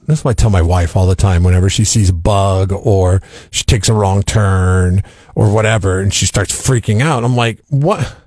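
A man's voice: medium pitch, slightly rough, no echo, studio quality. A man co-hosting a morning radio show, bantering casually and joking, often laughing.

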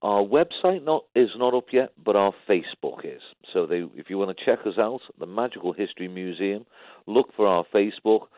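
A man tells anecdotes in a loose, chatty way and slips into quoted voices. His voice sits low and dry. It comes through a thin, phone-like remote line. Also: expressive, fairly quick, dry recording. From Liverpool, England. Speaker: guest. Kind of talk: casual interview chat.

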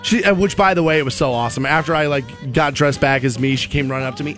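A man's voice: on the high side, expressive, fast talker, over music. A man hosting a radio morning show, chatting casually and telling rambling, joking stories.

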